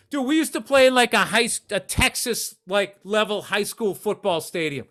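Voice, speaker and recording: A man co-hosting a podcast, telling animated, profane stories in casual chat. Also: high-pitched, moderate pace, few pauses. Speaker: podcast co-host.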